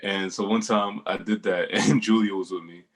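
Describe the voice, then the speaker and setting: Low, husky-voiced young man telling stories. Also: fairly even intonation, normal speed. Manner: laid-back slangy storyteller, laughs often. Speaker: podcast co-host. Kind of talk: casual storytelling chat.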